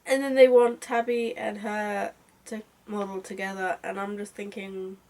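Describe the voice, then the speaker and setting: A young woman giving a casual book review, chatty and excitable with lots of asides. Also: mid-range voice, measured pace. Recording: voice a bit far from mic.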